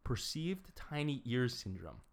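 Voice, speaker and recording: Brief: average-pitched guy reading quiz clues, stumbling, giggly. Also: big pitch swings, background noise. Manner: reads clues slowly, giggles, stumbles over words. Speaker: quiz host of a guessing game. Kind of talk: casual chat.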